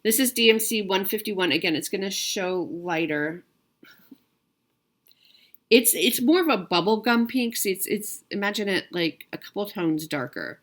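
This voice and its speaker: A woman's voice: mid-range voice, expressive, normal speed. A woman from the United States hosting her own stitching video, chatting casually to viewers with lots of fillers and restarts. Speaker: cross-stitch video host.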